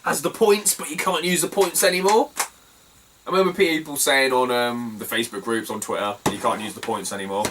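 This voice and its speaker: A man's voice: mid-range voice, fairly quick, a bit bright, distant mic, a little hiss or hum, poor audio. A British man chatting casually in a vlog about his retro game finds, rambling, swearing freely and laughing as he tells stories. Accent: British English. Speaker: retro game collector vlogger.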